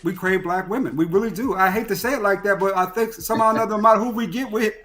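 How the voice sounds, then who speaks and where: A man with a notably high voice chats on a live stream. He talks in a reflective, preachy way. Faint music sits in the background. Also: racing, fairly bright tone. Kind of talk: casual live-stream chat.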